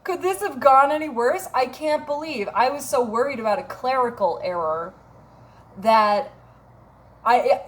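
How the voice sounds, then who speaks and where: Wry self-mocking woman telling a story. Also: a little high. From Minnesota. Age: 30s. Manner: wry, self-mocking, swears freely, laughs often. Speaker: vlogger. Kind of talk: casual storytelling vlog.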